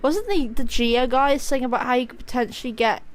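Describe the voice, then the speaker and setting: High-voiced giggly woman streamer. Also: brisk. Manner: giggly, rambling, self-mocking. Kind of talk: casual gameplay commentary.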